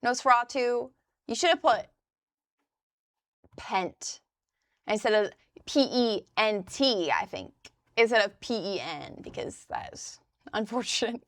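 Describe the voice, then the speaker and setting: Fairly high-pitched and very animated, this young woman speaks a little slowly, pausing often, with a fairly bright tone. Streaming from an indoor crafting desk, the Midwesterner chats loosely with viewers and swears casually.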